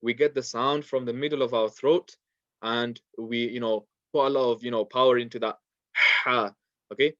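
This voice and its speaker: A man's voice: medium pitch, steady tone, fairly quick, no room sound, dull audio. A man teaching a beginners' class, explaining each point patiently and repeating words, with many small fillers. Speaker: Quran recitation teacher.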